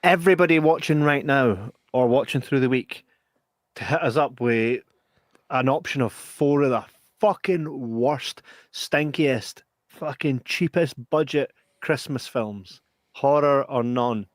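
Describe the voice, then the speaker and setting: A Scottish man with a mid-range voice co-hosts a relaxed podcast, chatty and full of swearing. His voice sounds dry and close to the mic. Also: mid-range voice, dry recording. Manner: chatty, sweary, brisk announcements to viewers. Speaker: podcast co-host. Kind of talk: casual podcast chat.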